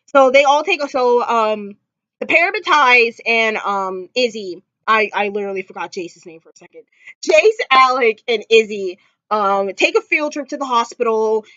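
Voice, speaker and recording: A woman's voice: on the high side, bright, forceful tone, dry recording. A woman vlogger recapping a TV episode in casual chat, gushing and emotional, with lots of fillers. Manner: gushing, emotional fan talk with many fillers; close to tears at times. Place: indoors at home. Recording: dry, slightly dull home recording.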